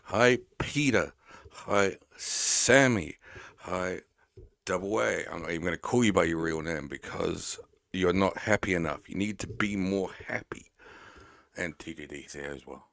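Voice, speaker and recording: A man streaming live, rambling and teasing his chat with plenty of swearing. His voice sits very low, and the sound is dry and close. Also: a little slow, gravelly, fairly bright tone, dry recording.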